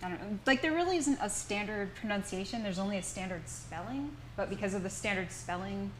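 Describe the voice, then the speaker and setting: A woman's voice: medium pitch, expressive, brisk, a little hiss or hum, poor audio. A woman with an American accent teaching a small language workshop, patiently explaining sounds step by step. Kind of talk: teaching a class. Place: indoor workshop room.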